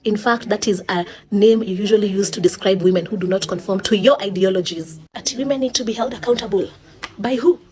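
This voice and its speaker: A woman's voice: medium pitch, quick pace, hardly any pauses, darkish tone. A woman with a Kenyan accent giving a sarcastic, indignant opinion monologue, switching between English and Swahili. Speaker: social commentator.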